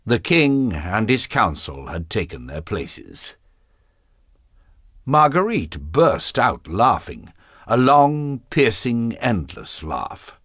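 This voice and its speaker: A man narrating a historical novel as an audiobook, expressive and measured. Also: fairly low pitch, husky, dry recording, clean studio sound. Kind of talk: scripted narration.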